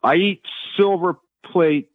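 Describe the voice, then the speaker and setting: A man's voice: high voice, takes it slowly, no room sound. Chatty male caller on a muffled line. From Virginia. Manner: chatty, laughs easily. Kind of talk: call-in radio chat. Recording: muffled lo-fi phone call.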